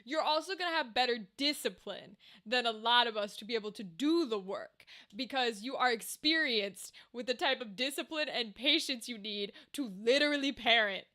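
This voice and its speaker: A young woman with a high-pitched, bright voice, talking casually to her stream audience. She rambles from thought to thought with plenty of swearing. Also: normal speed, few pauses. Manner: rambling, animated, swears freely. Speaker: streamer chatting with viewers. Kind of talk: casual live-stream chat while gaming.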